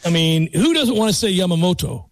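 High-voiced man reading a sports lineup. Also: expressive, fairly quick, dry recording. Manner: rattles off lists with playful emphasis. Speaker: podcast co-host. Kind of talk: casual sports chat.

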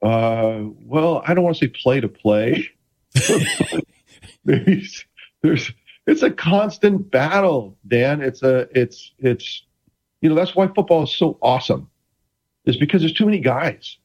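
Lively, rambling middle-aged man, muffled audio. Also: mid-range voice, measured pace. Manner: animated, rambling with many restarts, playful. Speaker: guest, former quarterback. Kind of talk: casual interview chat.

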